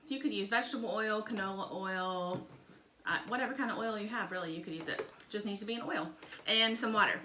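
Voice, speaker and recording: A mid-range, pushed and bright voice comes at a quick pace from a mother in her thirties who hosts a kids' science video. Cooking at home, she offers casual, cheerful, patient step-by-step instructions to children, recorded in an echoey kitchen with clear background noise.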